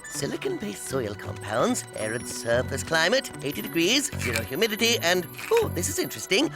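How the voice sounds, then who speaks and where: Nerdy robot officer, all jargon and exact numbers, wide swings, music under. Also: male voice, a little high, huge pitch swings, moderate pace. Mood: precise. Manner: technical, precise, wordy. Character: precise, jargon-loving male robot officer.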